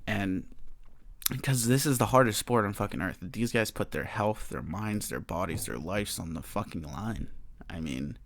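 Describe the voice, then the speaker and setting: A man's voice: fairly low pitch, unhurried, creaky, dry recording. A young man hosting a solo podcast, ranting heatedly and swearing a lot. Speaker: podcast host.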